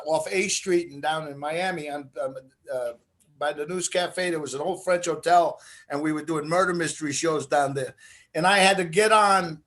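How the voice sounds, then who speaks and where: A man with a high voice tells animated stories in a casual chat. He acts out the people in his anecdotes as he goes. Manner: animated anecdote teller, does quoted voices. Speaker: guest, comedian and actor.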